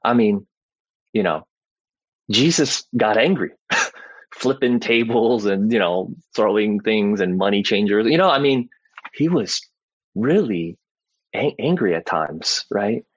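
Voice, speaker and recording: A man's voice: fairly low pitch, expressive, takes it slowly, long pauses, husky, dry recording, lo-fi sound. A man and father giving a casual Bible teaching, talking conversationally and often checking in with "right?" along the way. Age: adult parent. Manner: conversational, tags sentences with "right?", frequent "like" and "you know".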